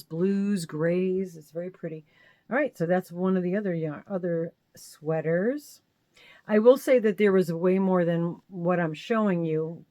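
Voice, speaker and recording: A woman's voice: fairly low pitch, a little mellow, no room sound. A woman hosting her crochet channel, chatting casually as she shows and explains her handmade sweaters, rambling and correcting herself with small laughs. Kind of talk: casual show-and-tell crochet talk.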